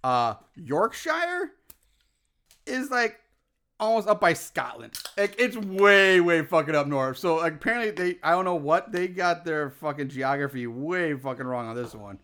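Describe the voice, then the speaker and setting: A man co-hosting a casual chat, excitable and swearing freely as he reacts. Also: a little high, unhurried, smooth. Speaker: podcast co-host.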